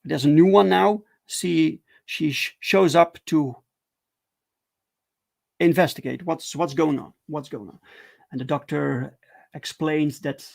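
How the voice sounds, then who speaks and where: A man casually walking viewers through his own comic on a livestream, halting and repeating words, enthusiastic about the artwork. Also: fairly high pitch, vocal fry, darkish tone. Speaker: comic creator streaming.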